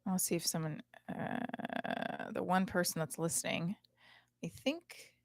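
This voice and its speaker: This podcast host, a woman in her thirties, has a lowish, gravelly voice and speaks slowly with fairly even intonation in a dry recording. Her casual live-stream monologue is candid and rambling, packed with fillers and unrestrained swearing, on a home setup that records while streaming.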